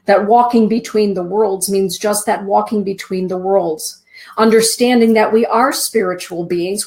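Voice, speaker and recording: A middle-aged woman hosts a spiritual talk show, with a voice of ordinary pitch for a woman. She tells her stories gently and earnestly and slows down to savor key words. At tender moments her voice sinks to a soft hush. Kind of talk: heartfelt storytelling and spiritual teaching.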